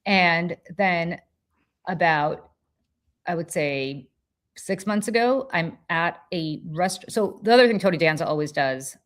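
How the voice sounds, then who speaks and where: Woman podcast host, lowish voice, profane and animated storyteller. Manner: animated, profane, quick restarts. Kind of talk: casual chat, storytelling.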